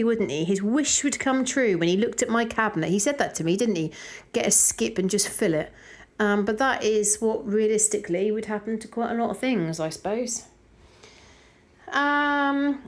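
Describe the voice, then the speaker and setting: A middle-aged woman with a Norfolk accent, chatting casually as she reads out viewer comments for her decluttering vlog, rambling with plenty of fillers. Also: mid-range voice. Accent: Norfolk English. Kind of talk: casual chat, reading comments aloud.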